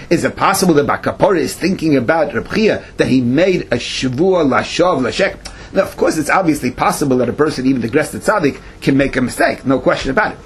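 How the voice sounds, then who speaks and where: A man with a Yeshivish English accent giving a Talmud class, explaining in a lively sing-song way and acting out the rabbis' back-and-forth. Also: on the high side, slightly rough. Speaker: Talmud teacher.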